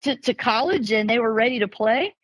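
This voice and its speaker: Woman, former softball coach, podcast guest; raspy edge, dry close sound, chatty and animated with frequent restarts. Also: fairly high pitch, no echo, rough recording. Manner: animated storyteller who acts out quoted coaches and parents; quick restarts and repeated words. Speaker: former college and travel ball softball coach. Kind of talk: casual podcast conversation.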